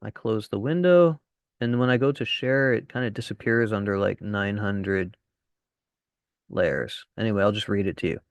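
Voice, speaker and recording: A man teaching a casual webinar as a dating coach, chatty and swearing now and then, acting out deadpan lines. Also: on the low side, normal speed, no room sound, studio quality.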